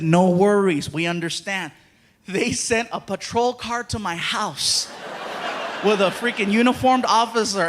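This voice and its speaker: Male stand-up comic, high-pitched, animated storyteller, live stage recording with audience noise. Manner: animated storytelling, acts out voices. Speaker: stand-up comedian. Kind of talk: stand-up comedy routine.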